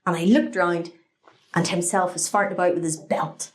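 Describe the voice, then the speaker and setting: A woman's voice: on the low side, moderate pace. A Northern Irish woman co-hosting a podcast, telling stories in casual chat and swearing freely. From Northern Ireland. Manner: animated storyteller, swearing freely. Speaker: podcast co-host.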